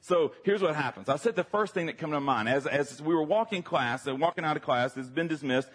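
A man with a Southern accent preaching a sermon, telling a funny personal story with lively acted-out moments. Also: a little high, fairly quick, husky. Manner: animated, humorous storyteller, acts out his younger self.

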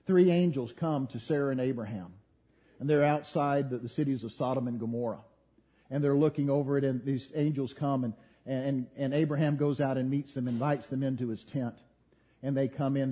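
Man preaching, husky, mellow, lively storytelling, muffled lo-fi recording. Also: mid-range voice. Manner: animated storytelling, voicing quoted figures. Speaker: pastor. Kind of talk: sermon. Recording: dull lo-fi sound.

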